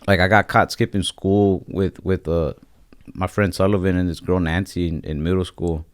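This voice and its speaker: A man with a deep voice hosting a podcast, telling rambling stories in casual chat and acting out other people's voices along the way. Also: steady tone, normal speed, no room sound. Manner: rambling storyteller, acts out voices in anecdotes. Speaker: podcast host.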